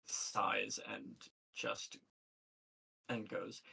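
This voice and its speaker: A man narrating as game master of a tabletop game over a voice call, relaxed and hesitant, with many fillers. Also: on the low side, drawn-out words, gravelly, husky, poor audio.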